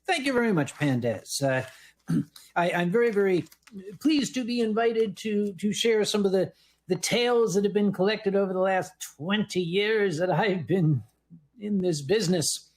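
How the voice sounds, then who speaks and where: Casting: man, high-pitched, wry convention chair spinning dry anecdotes. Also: animated, moderate pace, rough recording. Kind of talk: casual panel talk.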